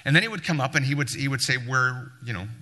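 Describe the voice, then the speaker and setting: A man telling a church group a lively story, a little sarcastic, acting out both sides of the dialogue. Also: mid-range voice, quick pace. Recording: long hall reverb.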